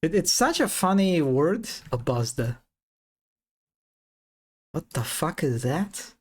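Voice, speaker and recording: A man's voice: high-pitched, very animated, unhurried, a little mellow, breathy edge. A man casually commenting while playing a game on a live stream, chatty with giggly asides.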